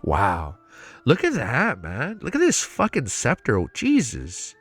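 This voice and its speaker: Excitable swearing man reacting on stream. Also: mid-range voice, unhurried, husky, soft background music. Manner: excitable, swears a lot, emotional. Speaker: streamer reacting to web novel fan art. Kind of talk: casual live-stream reaction.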